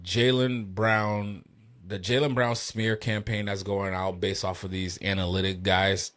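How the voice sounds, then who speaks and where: A man hosting a podcast, ranting heatedly and profanely about sports with loud emphatic outbursts. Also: deep voice, flat delivery, unhurried. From Boston area. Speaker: podcast host. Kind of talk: solo sports rant.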